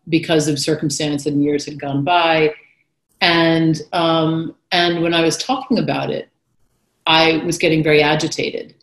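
Woman, low voice, reflective interview guest, animated retellings easing into soft near-whispers, roomy echoey sound. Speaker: guest author. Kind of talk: conversational interview talk. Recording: echoey room.

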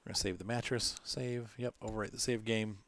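A man's voice: lowish voice, steady tone, brisk, a bit bright, a little hiss or hum. A man casually commenting on his own gameplay, thinking aloud and correcting himself as he plays. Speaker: let's play host.

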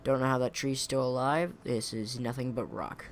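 Over his own gameplay, a young gaming YouTuber talks at normal speed in a medium-pitched voice with fairly even intonation. His commentary is casual and rambling, punctuated by chuckles and mid-sentence self-corrections, and there's audible background noise.

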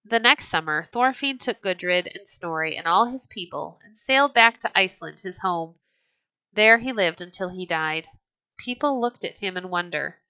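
Bright woman reading a storybook aloud. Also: on the low side, animated, moderate pace, clear, resonant tone, no room sound. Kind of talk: storybook read-aloud narration.

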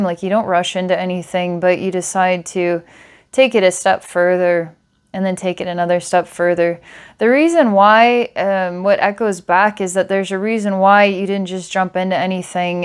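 A woman's voice: fairly low pitch, clean tone. A woman psychic giving a client a past-life reading, meandering with filler words and small laughs. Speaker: psychic reader.

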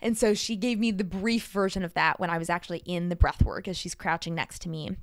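A woman hosting her own podcast, telling a personal story in an earnest, expressive way, her loudness shifting often. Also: on the low side, brisk, no room sound, clean studio sound. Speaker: podcast host.

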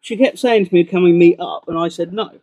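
A man's voice: high voice, a little fast, warm tone, husky, highs cut off. A man in his thirties, defensive and evasive, arguing back while being confronted outdoors. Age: 30s. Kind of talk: defensive argument.

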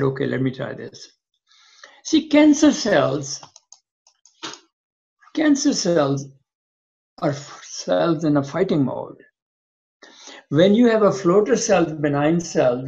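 An older man, a physician appearing as an interview guest, tells long stories and acts out both sides of past conversations. His voice is medium-pitched and darkish with vocal fry, captured in dull lo-fi sound.

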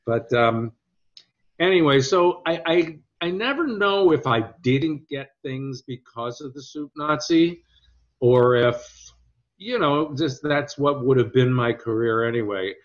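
A man's voice: mid-range voice, measured pace. A man, an actor being interviewed, telling anecdotes in a rambling, hesitant way. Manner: storytelling, hesitant restarts, quotes others in lively voices. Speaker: actor guest. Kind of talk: conversational interview. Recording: dull lo-fi audio.

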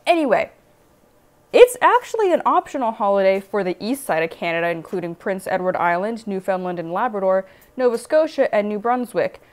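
A young American woman chatting playfully as a vlogger on a lapel mic, reading some history aloud quickly. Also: mid-range voice, very animated. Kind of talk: casual vlog narration.

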